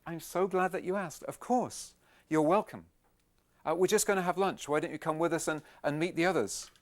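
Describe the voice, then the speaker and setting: A man voicing Jesus as a kindly, eager teacher inviting people in, in a warm, friendly tone. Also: a little high, normal speed, natural voice. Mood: welcoming.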